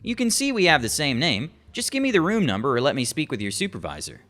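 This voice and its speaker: A man's voice: a little high, wildly swooping pitch, fast talker, fairly bright tone. A man reading the lines of an entitled, condescending wife demanding a hotel key. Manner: indignant, condescending. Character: entitled demanding wife, middle-aged woman.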